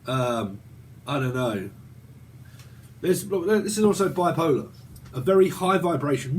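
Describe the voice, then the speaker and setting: A man's voice: a little high, lively intonation, a little slow, pauses often. A man in his forties with a British accent, giving a rambling, profane tarot reading and laughing often. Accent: British English. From Britain. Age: 40s. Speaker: tarot reader. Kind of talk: casual tarot reading monologue.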